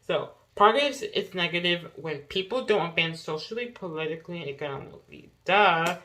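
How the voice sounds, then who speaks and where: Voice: mid-range voice, animated, moderate pace, sharp tone, poor audio. Young rambling solo podcaster. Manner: rambling, chatty, many "like"s and self-corrections. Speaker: podcast host. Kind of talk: casual solo podcast, reading notes.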